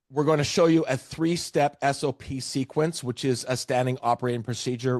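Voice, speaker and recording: A man's voice: medium pitch, a little mellow, no echo, clean studio sound. A man from Canada with a Canadian accent, giving a training webinar and talking emphatically, often repeating words for stress. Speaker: presenter. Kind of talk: webinar presentation.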